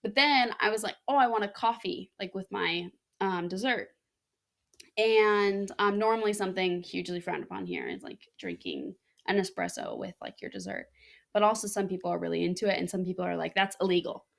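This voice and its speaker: A woman's voice: mid-range voice, a little fast, creaky, a bit bright. A woman co-hosting a podcast, telling stories in casual chat with lots of "um" and "like". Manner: chatty, many fillers like "um" and "like". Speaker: podcast co-host. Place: living in France.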